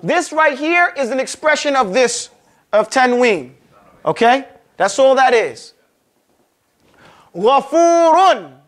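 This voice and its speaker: A man teaching a Quran recitation class, casually explaining sounds and drilling them by stretching and repeating each one slowly. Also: very high voice, lively intonation, fairly bright tone. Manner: casual, conversational teaching with frequent check-ins. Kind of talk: classroom lesson.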